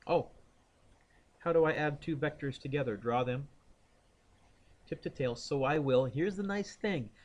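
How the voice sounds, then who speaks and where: A man's voice: a little high, a little slow, long pauses, a little mellow, muffled recording. Man thinking aloud through physics problems. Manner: thinks aloud, quizzes students by name. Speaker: physics teacher. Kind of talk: classroom lecture working problems aloud. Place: classroom.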